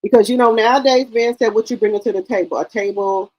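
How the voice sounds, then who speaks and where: A woman's voice: on the high side, fairly even intonation, fast talker, lo-fi sound. A woman in her forties hosting a live stream, chatting casually and emphatically straight to her viewers. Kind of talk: casual chat.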